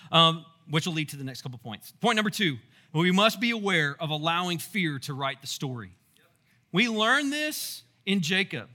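A man preaching a sermon as pastor, animated and storytelling with asides and rhetorical questions. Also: high voice. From Texas.

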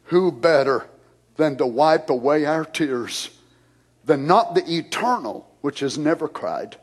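A man preaching and praying in a sermon, moving from hushed whispers to loud shouts. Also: on the high side, lively intonation, a little slow, husky. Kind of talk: sermon prayer.

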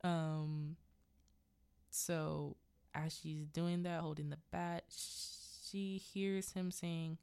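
Slow, low-voiced woman rambling through a recap. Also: level tone, gravelly, a little mellow, smooth, no echo. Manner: rambling, unsure asides. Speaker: podcast host. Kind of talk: casual film recap.

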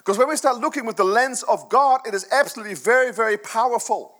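A man's voice: extremely high pitch, quick pace, fairly bright tone. A middle-aged man preaching a sermon to his church, earnest and conversational, with many rhetorical questions. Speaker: pastor.

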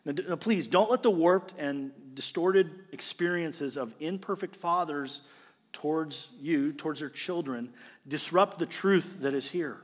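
Guy preaching a sermon, kinda high voice, goes loud then quiet, echoey church hall. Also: a little slow. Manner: animated, swings from loud emphasis to quiet. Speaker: pastor.

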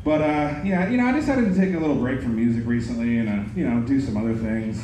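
A man doing a stand-up set at an open mic, delivering deadpan one-liners and laughing at his own jokes. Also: mid-range voice, fast. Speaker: stand-up comic. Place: comedy club. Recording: very echoey club, noisy room. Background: audience laughter.

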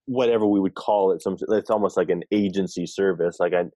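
A man's voice: sits low, a little fast, dark tone, no room sound. A man on a team talking through ideas in a meeting, hesitant and full of restarts. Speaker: team member. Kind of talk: casual meeting discussion.

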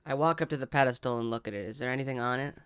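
A man's voice: medium pitch, racing, a bit bright, clear, resonant tone. A man playing a tabletop game, talking casually and a little hesitantly, with some swearing. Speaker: player.

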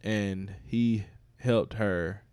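A man's voice: lowish voice, steady tone, very slow, darkish tone, clean tone, no echo. A man hosting a podcast in loose, profane, joking casual chat. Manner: laid-back, profane, joking. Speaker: podcast host.

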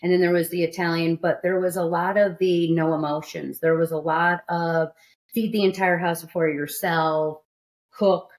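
A woman's voice: fairly low pitch, flat delivery, normal speed. A woman hosting a studio podcast, talking candidly and emphatically in casual chat. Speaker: podcast host.

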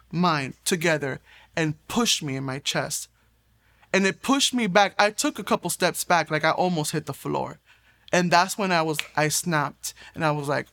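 A woman's voice: on the low side, fairly bright tone. A young adult woman telling her personal faith testimony in an earnest storytelling way, acting out the lines of the people in her story. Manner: earnest, storytelling, quoting others, brief laughs. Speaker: testimony giver.

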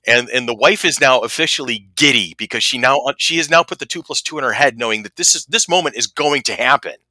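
Bright-voiced man telling lively stories. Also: medium pitch, quick pace, dry recording. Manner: animated anecdote teller, acts out quotes. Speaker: podcast co-host. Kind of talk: casual storytelling chat.

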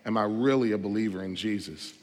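A man pastor delivering a sermon in church, emphatic and full of rhetorical questions, swinging between loud stresses and quiet asides. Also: fairly low pitch, fast. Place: church sanctuary. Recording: long hall reverb.

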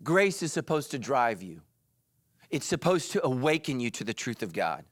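A middle-aged man preaching a sermon in church, animated and joking, breaking into quick quoted voices. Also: mid-range voice, dry recording, studio quality. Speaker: pastor. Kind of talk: energetic sermon.

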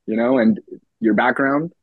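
A man being interviewed as a cosplay guest, laid-back and laughing often, talking in a relaxed way. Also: on the high side, unhurried, creaky, husky, no echo, phone-quality sound. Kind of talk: casual interview chat.

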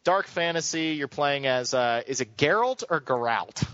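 A man co-hosting a casual gaming podcast, joking and ranting in an animated, exasperated way. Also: on the high side, normal speed, clean tone, no room sound. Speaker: podcast co-host. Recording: dull lo-fi sound, dry.

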